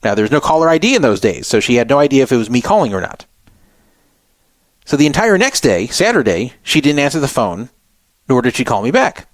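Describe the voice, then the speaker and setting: A man's voice: medium pitch, a little fast, no echo. Man telling a story on a radio show. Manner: animated, acts out the people he quotes. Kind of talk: first-person storytelling.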